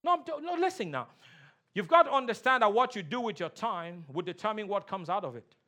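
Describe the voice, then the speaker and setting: A man preaching a sermon in a church, leading call-and-response and repeating key lines, swinging between loud shouts and low, quiet emphasis. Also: expressive, brisk. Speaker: pastor. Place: church sanctuary.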